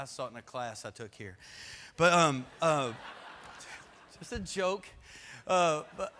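A male pastor preaching a sermon, telling stories with animated emphasis and laughter. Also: a little high, big-room sound.

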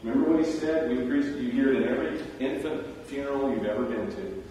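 A man delivers a sermon in a loose, conversational storytelling manner, tossing in animated asides. His voice rings through a large, echoing hall with a long tail of reverb. The mic sits well back from him. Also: mid-range voice, quick pace, dull audio, slight background noise. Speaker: preacher. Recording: roomy hall, distant mic.

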